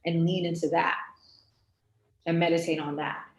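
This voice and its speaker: A woman with a New York accent, talking as a guest on a video-call interview in an animated, emphatic way. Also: on the low side, moderate pace. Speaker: guest artist. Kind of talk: casual interview chat. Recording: roomy echo on a video call.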